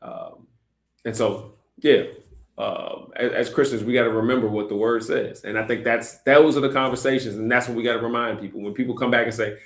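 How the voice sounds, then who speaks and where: A man's voice: medium pitch, fairly even intonation, brisk, a bit bright, echoey room. A man hosting a Christian discussion show, talking earnestly with many fillers and restarts. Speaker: host.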